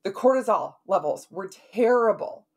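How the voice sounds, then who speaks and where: This middle-aged woman, a podcast host and health practitioner, recounts a client's story casually and conversationally, often finishing her sentences with "right?". Her voice is mid-range, husky and darkish in tone, animated, delivered at a moderate pace.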